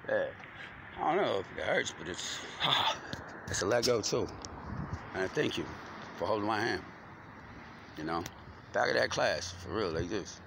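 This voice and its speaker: Man, gravelly, slangy rambler with cursing, recorded outdoors over loud traffic noise. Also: on the low side, animated, a little slow, long pauses. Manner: loose, slangy, stream-of-consciousness talk with cursing. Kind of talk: rambling monologue to camera. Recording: loud street noise with passing vehicles.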